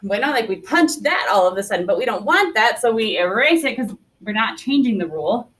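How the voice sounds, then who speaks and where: A woman's voice: a little high, lively intonation, a little fast, fairly bright tone. A woman teaching a Spanish class, upbeat, quizzing students and sprinkling Spanish words into her talk.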